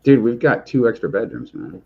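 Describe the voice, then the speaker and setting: A man hosting a livestream, chatting casually in an animated way that gets loud when he is excited. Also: mid-range voice, moderate pace, slightly rough, dull audio. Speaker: streamer host.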